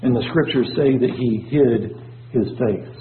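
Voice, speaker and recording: A man preaching a sermon, his voice surging up and dropping low as he reads scripture. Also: measured pace, a little hiss or hum. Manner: preaching with sudden swells and drops in pitch. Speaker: pastor. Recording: tinny phone-like low-fi recording.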